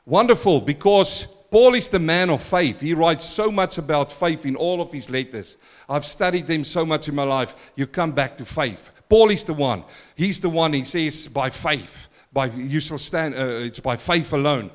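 A middle-aged male pastor giving an emphatic sermon, swinging between loud exclaims and quiet asides and calling for congregation responses. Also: animated, normal speed. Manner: emphatic preaching with wide swings in loudness and pitch.

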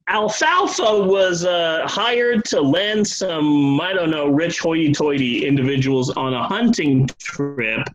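A man's voice: a little high, a bit bright, muffled recording. A man hosting a podcast, telling a true story with comedy, profanity and joking asides. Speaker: podcast host.

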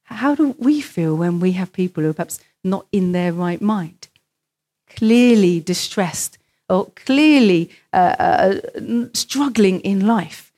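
A woman's voice: mid-range voice, expressive, takes it slowly, a little mellow. A woman preaching a sermon in church, telling stories and acting out the voices of the people in them. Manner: storytelling, acts out quoted voices.

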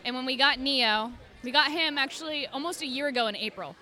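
A young woman cosplayer chats as a podcast guest with easy, animated energy. Her voice sits a little high and rings bright. She tells stories with a laugh never far off. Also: brisk. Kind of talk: casual podcast chat.

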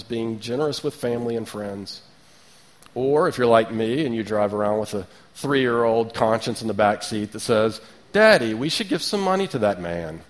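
Low-voiced man preaching conversationally. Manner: conversational, with asides and rhetorical questions. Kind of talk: sermon.

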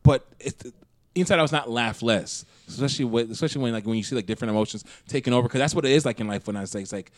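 A man from Minnesota co-hosting a casual podcast chat, animated and quick to laugh, often restarting his sentences. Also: mid-range voice, no room sound. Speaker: co-host.

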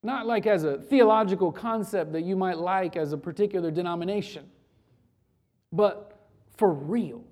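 A preacher giving an earnest, conversational sermon that moves between hushed, intimate passages and loud, animated storytelling. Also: mid-range voice, moderate pace. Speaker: pastor.

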